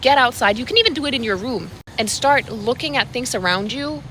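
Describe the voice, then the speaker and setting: Bright-voiced woman giving upbeat life advice. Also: a little high, very animated, a little fast, a little hiss or hum. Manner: earnest, upbeat, repeats words for emphasis. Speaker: lifestyle vlogger. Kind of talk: motivational talk to camera. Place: outdoors.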